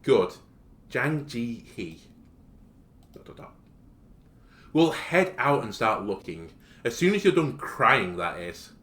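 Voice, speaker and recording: A man voicing a blunt, steady schoolboy. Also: medium pitch, takes it slowly, pauses often. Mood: firm reassuring. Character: calm, blunt teenage schoolboy, steady protector. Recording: echoey room.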